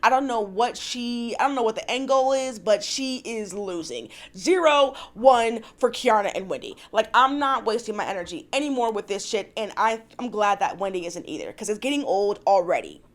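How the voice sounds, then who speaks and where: A woman's voice: fairly high pitch, lively intonation. A woman hosting a reality TV recap vlog, ranting in a profane, exasperated way and acting out the cast's lines. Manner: acts out cast members' lines in quick voices. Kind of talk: casual recap and commentary.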